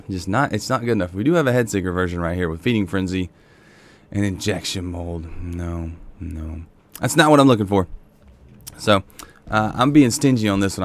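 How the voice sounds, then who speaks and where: A man with a very low, gravelly voice chats casually over gameplay, thinking aloud as he goes. His delivery is relaxed and unhurried. Soft music plays faintly underneath. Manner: relaxed, musing, thinks aloud while browsing weapons. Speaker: gaming video host.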